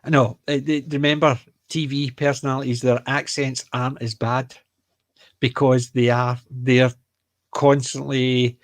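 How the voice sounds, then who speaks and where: A man's voice: medium pitch, level tone, unhurried, no room sound. A Scottish man with a Glaswegian accent, co-hosting a casual chat, rambling and joking as he restarts his sentences. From Scotland. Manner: rambling, self-correcting, joking. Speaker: podcast co-host.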